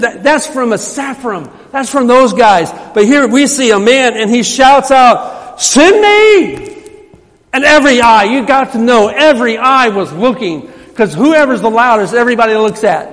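A man preaching a sermon in a church, emphatic and repetitive, his voice rising when he quotes scripture. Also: sits high. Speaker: pastor. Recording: hall reverb.

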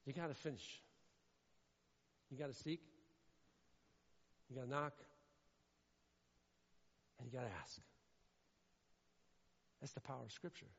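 A man from Indiana preaching a sermon, emphatic and repetitive, swinging between loud declarations and hushed lines. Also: medium pitch, measured pace, vocal fry, pauses often, breathy edge. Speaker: pastor. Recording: echoey hall, dull lo-fi sound.

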